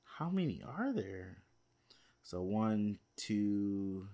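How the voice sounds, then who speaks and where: A man with a fairly low voice talks casually to his viewers, rambling and thinking aloud. He restarts his sentences often and pads them with fillers. He sounds a little tired. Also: a little slow, dull audio. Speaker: movie news vlogger. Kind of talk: casual chat to camera.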